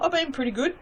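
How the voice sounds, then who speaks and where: A woman's voice: high-pitched, background noise. A woman chatting casually to her viewers while making soap, self-mocking and talking to herself as she works. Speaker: soap maker.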